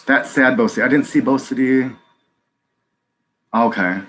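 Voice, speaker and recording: A man hosting a live stream, reading chat and speaking earnestly, halting with many ums and restarts, close to tears. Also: mid-range voice, fairly bright tone.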